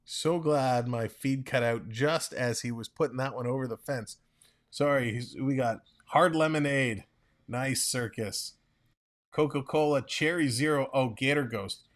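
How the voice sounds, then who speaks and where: A man calling a ball game play-by-play on a live stream, chatting and reading viewer comments between pitches. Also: unhurried. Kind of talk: casual play-by-play with chat reading.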